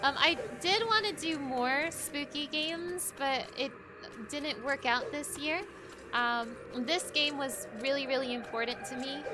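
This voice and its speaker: High-pitched playful woman streamer. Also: a little slow, noisy background. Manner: playful, giggly, chatty with viewers. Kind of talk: casual gaming commentary. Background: game music.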